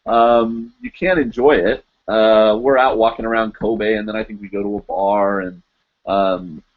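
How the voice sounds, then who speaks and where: A man in his thirties chats casually on a live show, wandering through thoughts and hunting for words between fillers. His voice sits on the low side. The audio is dull and lo-fi, like a muffled stream. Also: fairly even intonation, measured pace. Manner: rambling, searching for words, many fillers. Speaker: podcast host.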